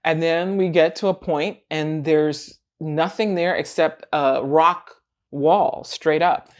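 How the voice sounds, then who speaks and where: A woman casually telling a personal story in a vlog, animated and laughing often as she acts out what people said. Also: low-pitched, slow pace. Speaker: vlogger.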